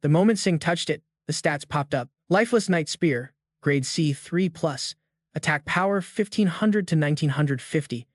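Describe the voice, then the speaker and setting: A man's voice: on the high side, lively intonation, moderate pace, dry recording, clean studio sound. A man narrating a comic recap in a slangy, hyped-up storytelling manner. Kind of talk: scripted narration.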